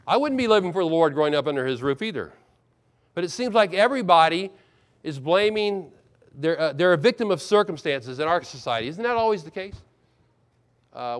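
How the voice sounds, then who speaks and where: This middle-aged male pastor has a smooth voice pitched a little high. He preaches expressively, performing the lines he quotes and alternating loud stretches with hushed ones.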